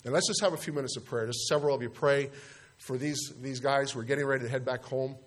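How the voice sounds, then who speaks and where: A man's voice: medium pitch, fairly even intonation, fast. A man giving an informal devotional talk to a group, speaking conversationally and posing rhetorical questions. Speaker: youth speaker.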